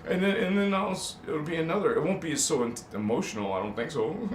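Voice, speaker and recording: A man's voice: on the high side, lively intonation, fairly quick. A man hosting a casual spiritual live stream, rambling and emphatic, correcting himself as he goes and chuckling between thoughts. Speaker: livestream host. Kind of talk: casual spiritual livestream talk. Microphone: desk microphone. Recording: echoey room, faint hiss.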